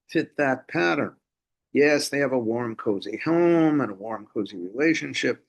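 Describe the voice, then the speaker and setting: An older man lecturing on film in a measured way, with dry asides. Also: mid-range voice.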